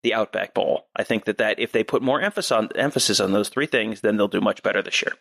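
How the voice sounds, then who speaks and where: Male podcast co-host, lowish voice, measured analyst who thinks out loud. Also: creaky. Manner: measured, thinks aloud with frequent restarts. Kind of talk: casual analytical sports talk.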